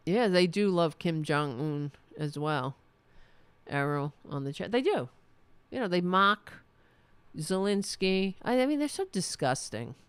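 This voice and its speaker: A woman with a lowish, smooth voice hosts a political livestream, ranting passionately, swearing freely and reading out viewers' chat comments. The recording has no echo.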